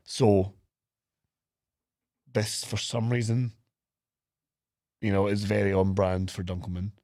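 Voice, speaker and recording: Podcast co-host, male, animated storyteller who acts out quotes, dry close sound. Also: fairly low pitch, slow, no echo. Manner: animated retelling with acted-out quotes and laughter. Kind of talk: casual chat recapping a film.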